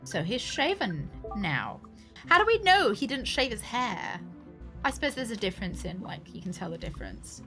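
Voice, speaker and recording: A woman's voice: mid-range voice, big pitch swings, moderate pace, pushed and bright, faint music behind. A woman, chatting casually and thinking aloud while streaming a video game. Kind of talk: casual gameplay commentary.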